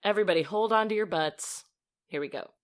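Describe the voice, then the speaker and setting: A woman co-hosting a podcast in casual chat, chatty and expressive, laughing often as she reads a listener's email aloud. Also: medium pitch, fast talker. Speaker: podcast co-host.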